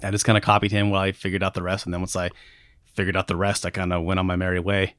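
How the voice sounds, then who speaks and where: Male podcast co-host, mid-pitched, profane and rambling, dry close mic. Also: flat delivery, rapid-fire, a bit bright, clear, resonant tone, dry recording. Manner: rambling, profane, self-deprecating, with many restarts. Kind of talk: casual chat.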